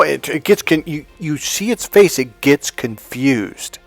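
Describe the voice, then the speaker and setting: A middle-aged man telling personal stories as a motivational speaker, swinging from fired-up to low and hushed and swearing freely. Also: animated, normal speed, no echo, soft background music. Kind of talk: storytelling monologue.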